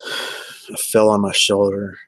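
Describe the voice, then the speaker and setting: A man's voice: fairly low pitch, monotone, slow pace, a bit bright, no echo. Rambling man in dry room. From Texas. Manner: rambling, chatty, answers viewers by name. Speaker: livestreamer. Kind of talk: casual livestream chat.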